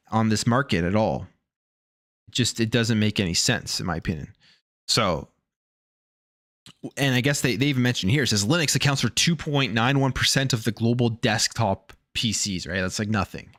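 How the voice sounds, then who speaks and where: A male gaming news streamer talks in a loose, opinionated way, stumbling over his words and circling back to restart sentences. His voice sits at an ordinary middle pitch. The sound is dry and close, with no room echo. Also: a bit bright. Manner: rambling, restarts and repeats words. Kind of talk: casual opinionated commentary.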